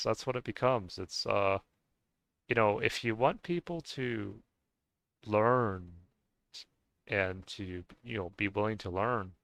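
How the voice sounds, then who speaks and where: A man vents to his viewers in a low, resonant voice, circling back over his points with restarts, fillers and casual swearing. The sound is dry and close, with no room echo. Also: creaky, a bit bright. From United States. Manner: rambling, many restarts and fillers, swears freely. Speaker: vlogger. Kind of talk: casual rant to camera.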